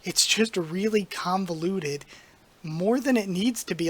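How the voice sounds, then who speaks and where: Casual reviewer voice, slightly hoarse, rambling and chatty, mid pitch. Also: measured pace. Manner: rambling, conversational, frequent "like" and "um". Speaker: YouTube channel host reviewing manga chapters.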